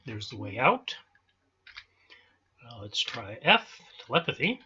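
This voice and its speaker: Casual male let's-play host, bright forceful voice, muffled lo-fi mic with low background hiss. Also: measured pace. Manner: relaxed, thinking aloud with fillers. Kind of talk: casual gameplay commentary.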